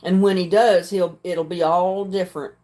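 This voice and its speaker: Older woman, livestream host, plain frank talk, frequent throat-clearing. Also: on the low side, fairly even intonation, normal speed, dark tone. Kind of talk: casual chat reading viewer comments.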